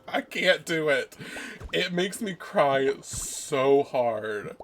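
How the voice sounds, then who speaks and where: A man's voice: fairly high pitch, expressive, extremely slow. A man streaming a game, chatting casually, gushing and self-mocking. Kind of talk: casual gaming commentary.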